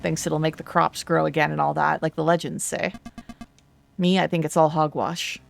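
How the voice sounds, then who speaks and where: A woman voicing a gruff, skeptical older village man who speaks in a blunt, folksy way. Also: low voice, level tone, normal speed. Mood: scornful. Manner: folksy, blunt dialect speech.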